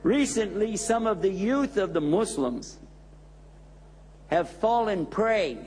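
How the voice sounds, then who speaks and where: A man's voice: high voice, lively intonation, slow, a little mellow, in a large hall, slight background noise. A man, an imam, giving a sermon in an emphatic storytelling manner.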